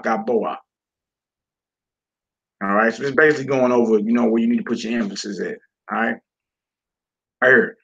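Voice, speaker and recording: A man's voice: mid-range voice, sharp tone, slightly rough, muffled recording. A man teaching a class from a Hebrew textbook, reading passages aloud and explaining them with casual, folksy asides to the listeners.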